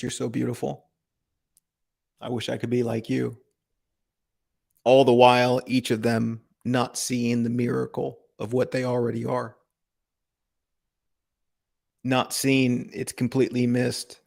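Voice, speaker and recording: Male spiritual teacher, unhurried and gravelly, even-toned, contemplative live-stream host. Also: mid-range voice. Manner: calm, contemplative, asks rhetorical questions, laughs softly. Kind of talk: slow reflective spiritual talk.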